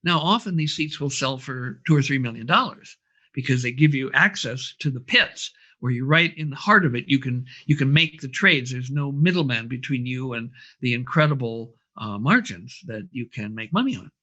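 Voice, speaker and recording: A man's voice: medium pitch, lively intonation, moderate pace, pushed and bright, highs cut off. A man who runs brainwave training, telling a long anecdote in an interview, with many fillers. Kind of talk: storytelling interview answer.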